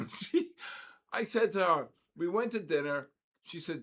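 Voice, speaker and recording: A man's voice: sits high, takes it slowly. Give me an older man as a livestream host, chatting casually and exclaiming with mock outrage. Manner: animated, exclamatory, jokingly outraged. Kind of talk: casual chat reading viewer comments.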